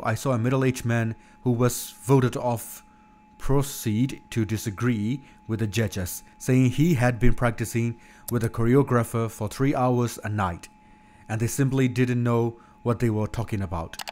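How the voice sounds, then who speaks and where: A man's voice: medium pitch, darkish tone. A man reading a nonfiction book chapter aloud, plainly and without polish, sometimes stumbling and restarting a word.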